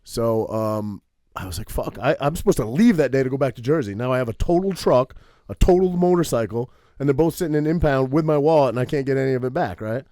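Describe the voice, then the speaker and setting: With a mid-range voice and a fast delivery, this man from Maine co-hosts a podcast and tells an extended story casually and profanely. He keeps tacking "right?" onto his sentences. The audio has studio quality and no echo.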